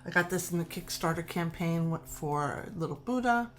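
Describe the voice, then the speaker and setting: A woman's voice: lowish voice, animated, normal speed. A middle-aged woman with a New York accent, chatting casually in a vlog, gushing and laughing often. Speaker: tarot deck collector and reviewer.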